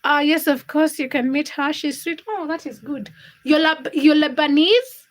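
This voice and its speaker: A woman's voice: high voice, moderate pace, low-quality recording. A woman hosting a casual livestream from her home kitchen, reading viewer comments and teasing her chat while she cooks. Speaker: livestream host.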